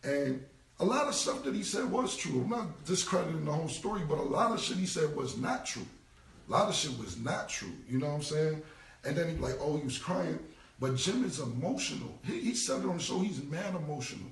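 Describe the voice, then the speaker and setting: A man in his forties, slightly high-voiced and sing-song, talks a little fast in a loose livestream rant, responding as a rapper. He's profane and emphatic, going over his points again and again. The phone is held away, giving a distant mic and a roomy echo.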